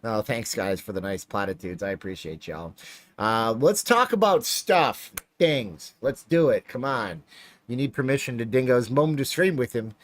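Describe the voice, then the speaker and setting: Lively, rambling livestream host man. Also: medium pitch, normal speed, no room sound. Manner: rambling, jokey, animated. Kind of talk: casual livestream chat while playing slots. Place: home streaming room with lights.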